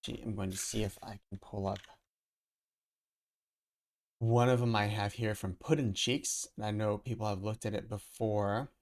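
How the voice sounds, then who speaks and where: A lowish, steady, slightly mellow male voice drifts a little slowly, with long pauses, as a crypto collectibles streamer rambles casually on his live stream. He thinks aloud at his computer into a desk mic.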